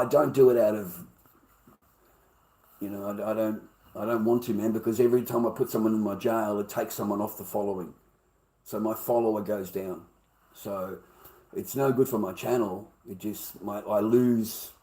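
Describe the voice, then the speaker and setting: A man's voice: lowish voice, mellow. A middle-aged man with an Australian accent ranting to his livestream chat, blunt and swearing constantly as he repeats his points. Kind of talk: profane livestream rant to chat.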